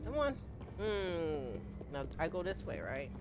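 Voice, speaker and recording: A woman's voice: on the low side, measured pace. A middle-aged woman streaming a game live, chatting casually, greeting viewers by name and laughing often. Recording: slightly dull home-stream audio with steady noise.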